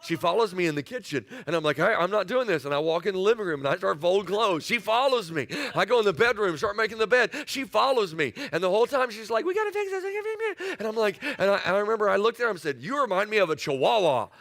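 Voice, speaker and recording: A man co-preaching with his wife, telling a lively story about their marriage with jokes. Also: high-pitched, fast, gravelly, few pauses. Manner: animated storyteller, jokey. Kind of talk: sermon, storytelling.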